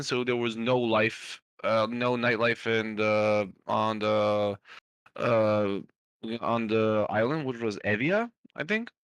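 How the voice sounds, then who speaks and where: A man's voice: mid-range voice, fairly bright tone, smooth, no echo. Rambling young man telling a story. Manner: rambling, many fillers and restarts, swears casually. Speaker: podcast guest telling a story. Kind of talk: casual storytelling among friends.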